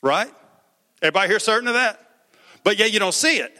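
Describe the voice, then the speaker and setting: Speaking fast in a high, bright, forceful voice, a pastor delivers an expressive sermon in a conversational style. He keeps asking the congregation questions and repeating words, and the hall around him is echoey.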